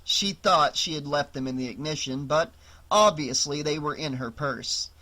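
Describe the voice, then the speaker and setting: Male horror audiobook narrator, bright tone, slightly high, measured dramatic delivery. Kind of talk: scripted narration.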